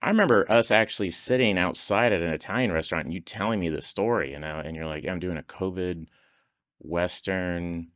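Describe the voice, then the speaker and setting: A man's voice: deep voice, brisk, fairly bright tone, dry recording, studio quality. A man on a podcast telling stories in casual conversation, laughing often and acting out the voices of people he quotes. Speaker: podcast guest.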